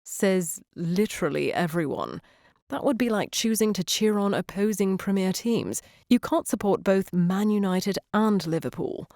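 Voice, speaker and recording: A woman's voice: medium pitch, expressive, unhurried, a little mellow, no echo. A woman voicing a reserved young Englishman with an English accent, dry and teasing in a storybook reading.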